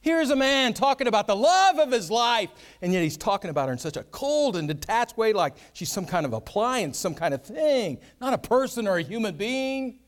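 A man gives a Bible teaching in an earnest, conversational way. He speaks in a fairly high voice and builds his points with vivid everyday examples. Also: very animated, moderate pace, few pauses. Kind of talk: sermon.

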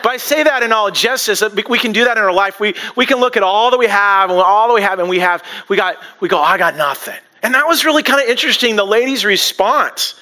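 Male pastor, high and forceful voice, casual joking sermon delivery. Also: fast, hardly any pauses. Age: adult, married. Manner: conversational and joking, with frequent restarts.

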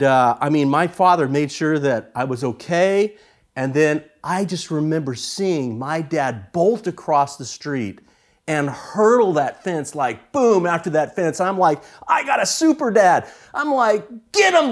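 A middle-aged man preaching with a lively, swinging voice that climbs and falls through his stories. His pitch sits a little high for a man, and he keeps a humorous, animated storytelling manner as he preaches. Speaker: pastor. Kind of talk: sermon.

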